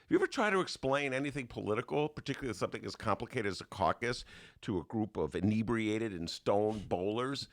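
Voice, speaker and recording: A man's voice: on the low side, fast. An older man hosting a podcast, telling stories in a casual comedic monologue and slipping into put-on voices. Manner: animated storytelling with put-on voices. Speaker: podcast host.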